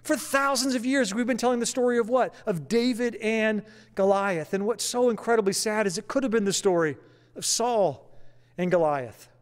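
A man's voice: high-pitched, normal speed. A man preaching a sermon in an earnest storytelling manner, repeating phrases for emphasis. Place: church sanctuary. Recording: long reverb of a church hall.

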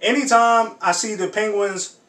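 A high-voiced man hosts a sports reaction video, chatting in loose slang and bursting into shouts and laughter. He sits some distance from the mic in a roomy, echoing space. A faint hiss runs underneath. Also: moderate pace. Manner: animated, laughing often, slangy exclamations. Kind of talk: casual reaction commentary.

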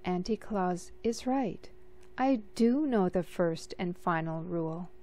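A spirited young girl from a storybook, as a woman reader puts her on. She speaks earnestly and exclaims, at an unhurried pace. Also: on the high side, animated, dark tone.

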